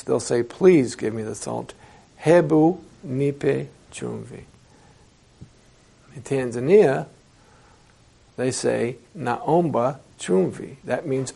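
Gravelly-voiced man lecturing a class. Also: medium pitch, mellow. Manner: explanatory, asks the class rhetorical questions. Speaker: translation instructor.

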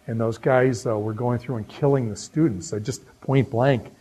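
A man teaching an informal Bible lecture, telling stories conversationally and sinking into hushed, earnest tones. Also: mid-range voice, fairly even intonation, moderate pace, slightly rough, low-quality recording. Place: New England.

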